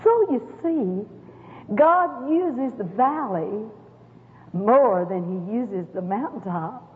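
A middle-aged woman gives a folksy, emphatic spoken testimony to an audience. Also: on the high side. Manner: folksy, emphatic, with sudden rises and drops. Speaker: women's speaker giving testimony. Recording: echoey hall, tinny phone-like sound.

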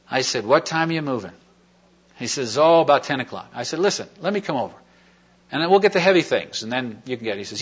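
A man's voice: fairly high pitch, expressive, fast talker, husky. A man giving a sermon testimony, telling a personal story in a rambling, folksy way with many fillers and restarts. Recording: dull lo-fi recording.

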